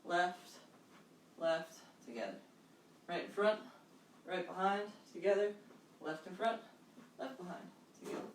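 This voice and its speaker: A woman's voice: fairly low pitch, a little slow, pauses often. A woman fitness instructor leading a live online workout class, upbeat and encouraging, calling out steps and counts at home. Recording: roomy echo, distant mic, faint background noise.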